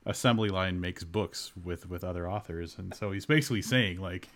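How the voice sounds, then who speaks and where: A man's voice: sits low, fairly quick, fairly bright tone. A man co-hosting a podcast, chatting casually and hunting for his words. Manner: laughing, rambling and searching for words. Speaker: podcast co-host. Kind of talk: casual chat.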